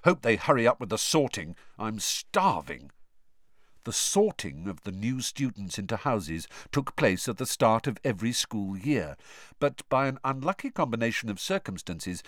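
A man reading a storybook aloud in an expressive, measured way. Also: medium pitch, no room sound, studio quality. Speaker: audiobook narrator. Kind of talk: storybook narration.

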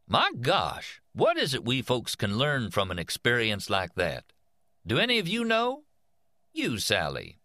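A man's voice: mid-range voice, wildly swooping pitch, unhurried, bright, forceful tone, dry recording, clean studio sound, voice pushed up, full character voice. A man voicing an elderly, white-haired male teaching machine with a put-on Kansas drawl, kindly and homespun. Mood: affable. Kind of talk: audiobook character voice.

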